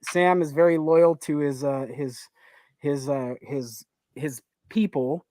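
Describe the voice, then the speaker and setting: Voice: medium pitch, slow, warm tone, dry recording. A guest in a casual online chat, hesitant, with many fillers.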